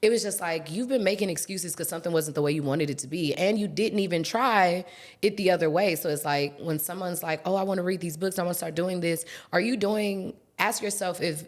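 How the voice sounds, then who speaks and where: A woman in her thirties hosting a podcast, casual and animated with playful asides. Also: fairly low pitch, fairly quick. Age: 30s. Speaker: podcast host.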